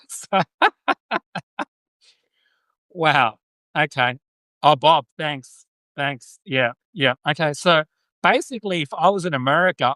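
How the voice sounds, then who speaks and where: Man, Australian accent, live-stream host, rambling chat, bright forceful voice. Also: medium pitch, no echo. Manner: rambling, self-correcting, laughs at viewer replies. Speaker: podcast host. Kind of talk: live-stream chat answering viewer comments.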